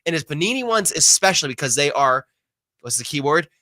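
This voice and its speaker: A man banters on a sports radio show, tossing in sarcastic jokes and reading chat questions. His voice sits a bit high and sounds bright and crisp, recorded dry and close. He keeps a loose, playful back-and-forth going. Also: big pitch swings, brisk, no room sound. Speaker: radio co-host.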